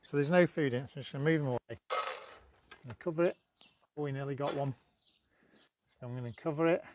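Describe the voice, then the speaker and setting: A man's voice: a little high, fast, noisy background. A man giving a dog-training demo on a live stream, chatty and coaxing, with bursts of praise for his dog.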